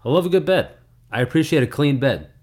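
A man's voice: on the high side, lively intonation, quick pace, darkish tone. A man co-hosting a podcast, rambling in a laid-back casual chat and restarting his sentences often. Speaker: podcast co-host.

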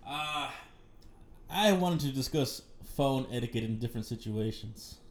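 A man's voice: mid-range voice, lively intonation, unhurried. A young man banters through a casual podcast, joking and cursing freely. He is a little under the weather, and his voice carries the echo of a bare room. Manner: joking, swearing, laughs often. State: a little sick. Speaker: podcast co-host. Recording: echoey room.

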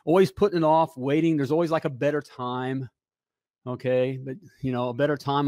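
A man's voice: medium pitch, steady tone, brisk, darkish tone, no room sound, studio quality. A man in his fifties hosting a live talk show, talking with pumped-up energy and constant "hey" and "all right" asides.

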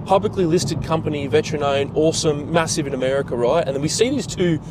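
A man with an Australian accent, co-hosting a podcast and telling stories in a casual, animated way, swearing freely and acting out quotes. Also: fairly high pitch, fast talker, noisy background. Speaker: podcast co-host. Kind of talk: casual chat.

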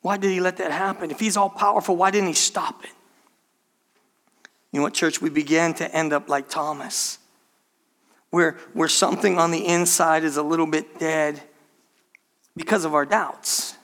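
High, bright-voiced man preaching. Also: moderate pace, long pauses. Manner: animated preaching, acts out quoted voices, addresses the congregation as church. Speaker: pastor. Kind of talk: sermon.

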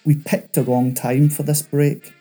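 A man voicing a chatty male escaped convict who talks fast and nervously. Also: a little high, flat delivery, dark tone, slightly rough, faint music behind.

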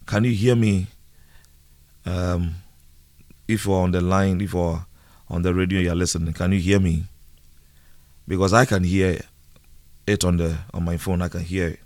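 A man preaching a live radio sermon, slow and earnest, repeating key phrases. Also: deep voice, a little mellow, no room sound.

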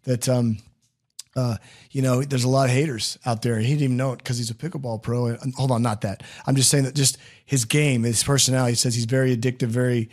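A man's voice: medium pitch, steady tone, fast talker, a little mellow. Host: man, mid-range voice, jokey and rambling, casual interview tone. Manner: joking, rambling, laughs a lot. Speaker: podcast host.

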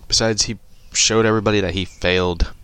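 A man's voice: fairly low pitch, fairly even intonation, brisk, a bit bright, clean tone. A young man giving a rambling, profane opinion rant and chuckling between remarks. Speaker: online commentator.

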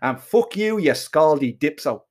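A snarling, cocky Irish singer who spits insults and curses, as a man puts him on. The voice sits slightly high. He sounds like a man always spoiling for a fight in an audiobook. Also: expressive, unhurried, darkish tone. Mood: hostile. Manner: sneering, foul-mouthed.

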